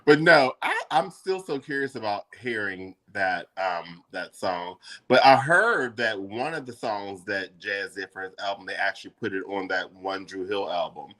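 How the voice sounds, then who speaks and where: A man hosting a casual podcast chat, loud and profane, breaking now and then into high falsetto singing. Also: animated, normal speed, hardly any pauses. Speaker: podcast host.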